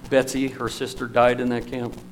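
A man preaching a sermon, telling stories in an emotional, storytelling manner with lively swings in loudness. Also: mid-range voice, normal speed, a little hiss or hum, rough recording.

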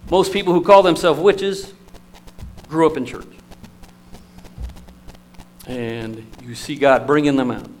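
A man preaching a sermon, telling stories in an emotional, storytelling manner with lively swings in loudness. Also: a little high, takes it slowly, pauses often, a little hiss or hum, rough recording.

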